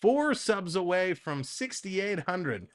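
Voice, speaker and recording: With a high voice and a slow pace, a man calls play-by-play on his live hockey stream. He keeps things chatty and excitable, reading viewer comments in the gaps between calls.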